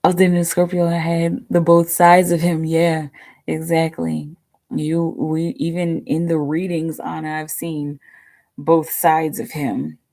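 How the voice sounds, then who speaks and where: Gravelly, low-voiced chatty woman. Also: level tone, a little slow, mellow. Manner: chatty, rambling, peppered with fillers and casual swearing. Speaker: tarot reader hosting a live stream. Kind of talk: casual livestream chat.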